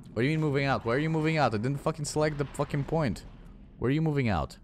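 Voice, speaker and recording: A young adult gaming channel host gives let's play commentary on his own gameplay, swearing a lot and scolding his game units. His voice is medium-pitched and expressive, and he talks at a racing pace. There's a little hiss or hum in the recording.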